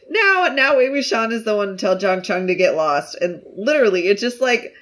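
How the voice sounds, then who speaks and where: A young woman co-hosting a casual chat, retelling a show in an animated way, swearing freely and laughing often. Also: medium pitch, normal speed. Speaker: podcast co-host.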